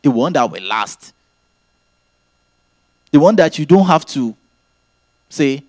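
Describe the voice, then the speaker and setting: A male preacher delivers a sermon in an earnest teaching manner, circling back to his main phrases. His pitch moves in a lively way. The sound is dry and close. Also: takes it slowly, pauses often, no room sound.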